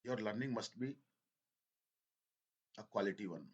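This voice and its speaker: A male teacher with a lowish voice speaks to his class. He talks slowly, halts and repeats phrases as he explains. He slips into now and then. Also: husky, highs cut off. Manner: slow, halting, repeats phrases, switches into Hindi. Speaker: English teacher. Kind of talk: slow spoken lesson.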